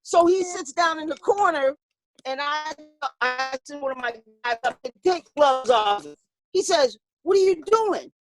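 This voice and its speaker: High-voiced woman boxing coach telling stories. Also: a little slow, faint music behind. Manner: animated, acts out quoted voices, laughs often. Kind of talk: storytelling in an interview.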